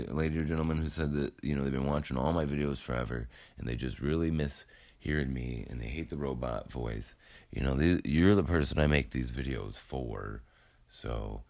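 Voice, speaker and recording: A man's voice: a bass voice, creaky, darkish tone. A man in his forties, just woken up, rambling to his viewers in a casual, self-deprecating vlog monologue. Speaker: YouTube creator.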